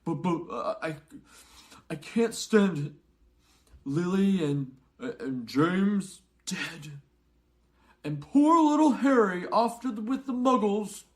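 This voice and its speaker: A man's voice: high-pitched, a little slow, hardly any pauses, voice pushed up. A man voicing a huge, weepy half-giant man who stammers and sobs as he speaks. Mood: sobbing. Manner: sobbing, stammering.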